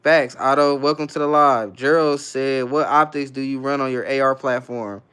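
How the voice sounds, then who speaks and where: A man's voice: mid-range voice, steady tone, moderate pace, pushed and bright, clean tone. Laid-back man reading his chat aloud. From San Francisco Bay Area, California. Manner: laid-back, slangy, reads each comment then answers it. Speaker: livestream host. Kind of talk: casual live-stream chat, reading viewer comments aloud.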